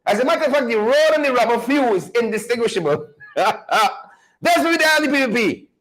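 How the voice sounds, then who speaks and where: A higher-pitched man hosts a mocking political commentary show, talking loudly and sarcastically. He keeps breaking into amused asides as he pokes fun at officials. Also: expressive, moderate pace, poor audio. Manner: loud, sarcastic, laughing asides. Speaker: host.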